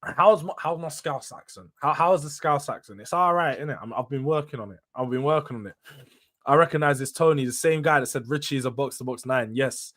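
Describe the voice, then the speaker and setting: A man's voice: mid-range voice, brisk, a bit bright. A young man, hosting a casual solo football review; blunt and opinionated, full of slang, firing off questions and answering them himself. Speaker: football channel host.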